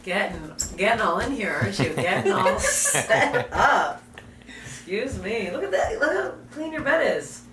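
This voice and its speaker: A woman's voice: mid-range voice, big pitch swings, a little slow, over a noisy crowd. A woman from Canada, a guest comedian, talking bluntly and crudely with frequent laughs. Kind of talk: casual comedic chat.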